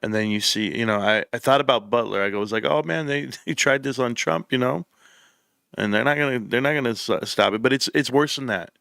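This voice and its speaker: A man's voice: mid-range voice, a little fast, gravelly, a bit bright, no echo, clean studio sound. A man hosting his own political commentary show, speaking with impassioned, emphatic feeling and repeating phrases as he builds up. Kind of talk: opinionated commentary. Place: room set up for the show.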